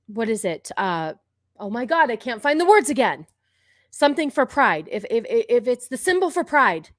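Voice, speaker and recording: A woman's voice: mid-range voice, no echo, clean studio sound. A woman in her forties hosting a live stream, commenting on videos in a sarcastic, profane, ranting way. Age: 40s. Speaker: streamer host.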